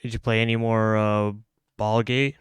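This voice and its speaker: A man's voice: on the low side, little pitch movement, normal speed, smooth, no room sound. A young man streaming live, chatting loosely as he plays and rambles through restarts and slang. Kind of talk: casual live-stream chat while gaming. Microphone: studio mic with pop filter.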